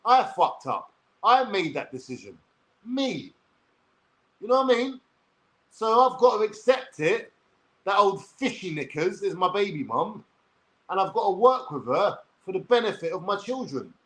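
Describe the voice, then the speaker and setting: A man's voice: high voice, very animated, measured pace, a bit bright, poor audio. Profane ranting man. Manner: crude, profane, blunt, addresses viewers directly. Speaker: vlogger. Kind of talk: direct-to-camera rant.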